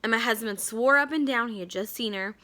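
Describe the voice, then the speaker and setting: Bright chatty young woman vlogging, lots of likes, kinda high voice. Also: fairly quick. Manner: chatty, animated, lots of "like" fillers. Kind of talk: casual storytelling to camera.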